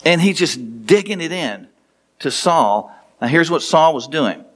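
A pastor preaches a sermon, retelling a story with playful asides and acting out the dialogue with a rising pitch. His voice is animated and fairly bright, at a normal speed.

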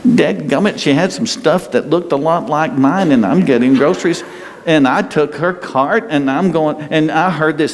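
Speaking at normal speed in a voice on the high side, this pastor delivers a conversational sermon, folksy and joking with the people in the pews. The sanctuary gives long hall reverb with faint ambient noise.

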